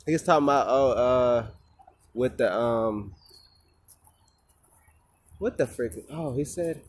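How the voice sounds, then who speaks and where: A man's voice: mid-range voice, slow pace. A man venting in a casual vlog, rambling and swearing, with many fillers and restarts. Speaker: vlogger.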